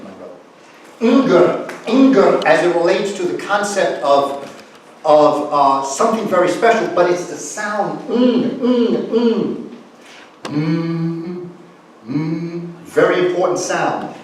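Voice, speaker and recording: A guest speaker with a slightly high voice lectures a live audience, acting out example phrases and coaxing listeners to join in. He sits far from the mic in an echoey room, with a little hiss or hum in the recording.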